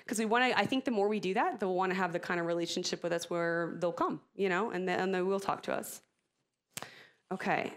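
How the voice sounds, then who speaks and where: Expressive, chatty woman at a parenting talk. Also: fairly low pitch, fairly quick. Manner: expressive, chatty, laughs at herself, many fillers. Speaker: speaker at a church parenting talk. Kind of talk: casual church talk to parents.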